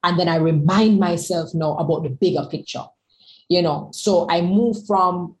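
A woman's voice: fairly low pitch, normal speed, darkish tone, low-quality recording. A woman guest speaker in a candid conversation, talking emphatically and repeating words as she gathers her thoughts.

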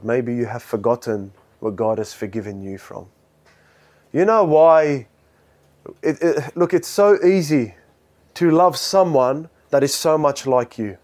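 A man preaching with passion, his slightly raised voice climbing into loud, high exhortations before sinking to quiet, low-voiced pleas. He delivers the sermon in a fervent style.

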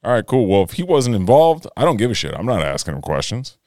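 Deep-voiced man telling a lively story. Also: quick pace, dry recording, clean studio sound. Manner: animated storyteller, laughs at his own story. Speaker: podcast co-host. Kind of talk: casual chat.

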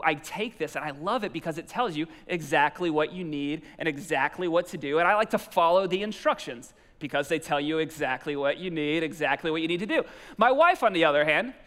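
A man preaching a sermon, telling stories and acting out his own outbursts in an animated way. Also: a little high, big-room sound. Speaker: pastor.

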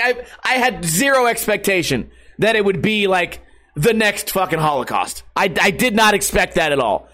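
A man's voice: high-pitched, a bit bright. A young man skateboarder ranting to his viewers in a sarcastic, profane, self-mocking way. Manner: sarcastic, profane, laughing at himself. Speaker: skateboarder and online streamer. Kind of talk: casual rant to viewers.

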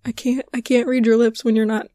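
Brief: young female podcast host, hoarse strained voice, slightly high, dry close sound, loose rambling chatter. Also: flat delivery, fairly quick, mellow, no echo. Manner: rambling, filler-heavy, ranting. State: voice giving out, hoarse. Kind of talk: casual chat.

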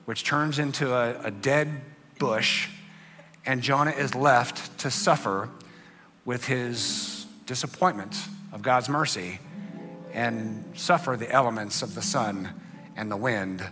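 A man preaching a sermon, telling a story dramatically and swinging between loud bursts and hushed lines. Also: medium pitch, slow pace. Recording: long hall reverb with faint music.

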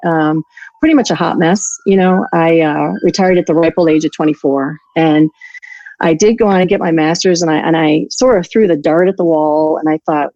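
Woman, interview guest, low mellow voice, frank, self-deprecating, restarts sentences, dry muffled recording. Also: steady tone, normal speed, dry recording. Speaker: guest, law enforcement resilience instructor. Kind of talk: candid storytelling interview.

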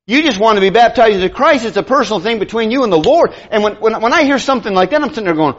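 A man's voice: high-pitched, expressive, rapid-fire, few pauses, lo-fi sound. A male preacher giving a sermon, telling stories and acting out the people he quotes. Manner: storytelling, acting out quoted voices.

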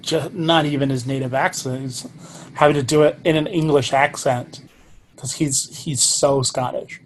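A man co-hosts a relaxed movie chat, retelling the plot and cracking dry, mock-serious jokes. A faint hiss sits under his mid-pitched voice. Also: normal speed. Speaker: podcast co-host. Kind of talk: casual movie review chat.

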